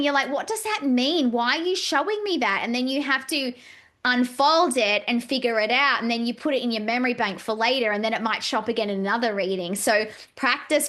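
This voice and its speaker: A woman who is a psychic medium, a guest on a casual podcast, talking animatedly and acting out quoted dialogue. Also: fairly high pitch. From Australia. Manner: animated, acts out quoted dialogue, many "like" fillers.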